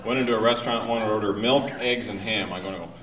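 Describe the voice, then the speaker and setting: A man doing a stand-up comedy routine, telling a travel story with lively delivery and mock foreign accents, while an audience laughs. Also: on the low side, fast, faint music behind. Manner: animated storytelling, mock French and Spanish accents. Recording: roomy, distant live recording with noise.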